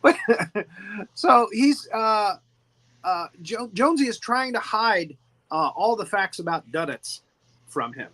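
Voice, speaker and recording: A man's voice: sits high, expressive, slow pace, sharp tone, a little hiss or hum, low-quality recording. A man hosting a casual movie discussion who rambles, repeats words and laughs often. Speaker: host.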